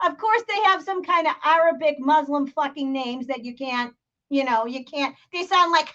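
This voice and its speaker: A woman's voice: sits high, a little slow, a bit bright, lo-fi sound. A woman with a Boston accent hosting a live stream, ranting profanely and laughing as she comments. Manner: profane, heated, laughing rants. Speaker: host. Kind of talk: livestream commentary.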